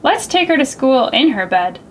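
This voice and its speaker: A woman's voice: high-pitched, very animated, normal speed, slight background noise. A woman voicing a brash, offhand big brother in a picture book. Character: cocky young brother, shouting.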